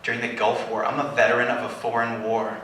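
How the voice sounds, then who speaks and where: A man from California joking with an audience in a live question-and-answer set, animated and teasing. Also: mid-range voice, fast talker. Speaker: slam poet performer. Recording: echoey venue from far off, noisy.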